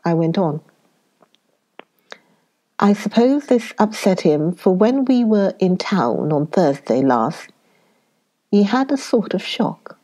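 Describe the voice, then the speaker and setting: Slow, mellow woman storyteller. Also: medium pitch, very animated. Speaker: audiobook narrator. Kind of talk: first-person storytelling narration.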